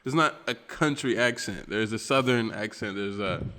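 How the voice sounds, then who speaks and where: A man's voice: fairly low pitch, moderate pace, bright, forceful tone, clean tone. Laughing Appalachian man in a reverberant room. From West Virginia. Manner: laughing, rambling, filler-heavy. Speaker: podcast co-host. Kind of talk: casual chat.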